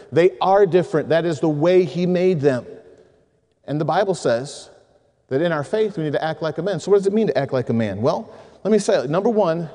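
High-pitched middle-aged preacher guy telling stories to a men's group, lots of reverb. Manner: storytelling, animated, acts out voices in anecdotes. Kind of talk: sermon to men. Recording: long hall reverb.

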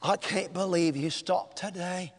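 A preacher voicing an earnest young man in his twenties, speaking low and quietly as he pleads. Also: steady tone, unhurried, big-room sound, noisy background.

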